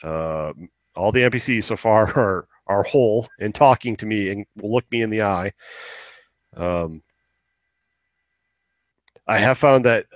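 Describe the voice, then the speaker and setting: A man's voice: fairly low pitch, unhurried, pauses often, no echo. A man co-hosting a podcast in casual chat, rambling and swearing casually as he acts out quotes. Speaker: podcast co-host.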